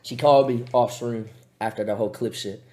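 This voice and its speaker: Male streamer, mid pitch, relaxed rambling delivery. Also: brisk. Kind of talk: casual chat on stream.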